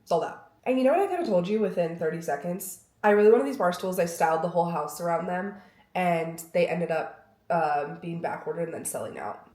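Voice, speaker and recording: In a brisk, darkish, low-side voice, a young woman rambles to camera for her lifestyle vlog, poking fun at herself and acting out bits of dialogue. She's in a room of a house, and the sound carries a roomy echo.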